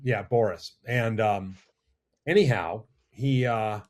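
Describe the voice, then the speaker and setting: A middle-aged man, a makeup effects artist, telling animated, rambling stories as a guest in a casual interview. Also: lowish voice, takes it slowly. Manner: animated, rambling anecdotes with restarts. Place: studio or lounge.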